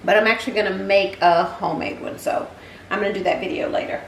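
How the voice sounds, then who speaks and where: A woman's voice: mid-range voice, fairly even intonation, fast, gravelly, a little hiss or hum. A woman hosting a casual home cooking vlog, chatty and exclaiming as she tastes her food in her kitchen. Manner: chatty, exclaims while tasting. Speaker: cooking channel host. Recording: roomy kitchen, mic at a distance.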